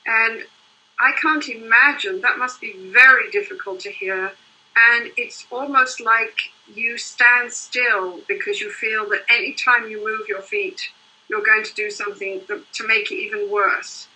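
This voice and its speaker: An older woman who works as a couples therapist explains her work in earnest interview answers, speaking in long flowing runs peppered with "you know" and "right?". Her voice is fairly high, bright, steady and forceful, a little slow, and the recording is rough.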